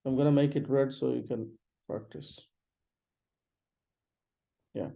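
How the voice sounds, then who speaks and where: A man's voice: mid-range voice, steady tone, slow, vocal fry, warm tone. A man teaching English pronunciation. He repeats words and sentences and corrects how they are said. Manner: gives corrections while marking a screen. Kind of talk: pronunciation lesson.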